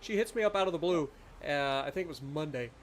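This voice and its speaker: A man's voice: a little high, animated, quick pace. A man hosting a live game stream, chatting casually and telling self-deprecating stories. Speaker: streamer host. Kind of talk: casual chat while streaming a farming game.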